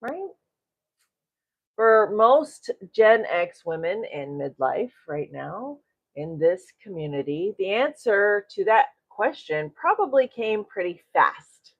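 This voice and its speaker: A middle-aged woman leads a live online self-development class at an unhurried pace. She chats with viewers, chuckles easily and keeps checking in with "right?". Her voice sits in a middling range, and the stream audio sounds a little muffled. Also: medium pitch, very animated. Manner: tags sentences with "right?", chuckles often. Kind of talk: live-streamed coaching talk, reading viewer comments.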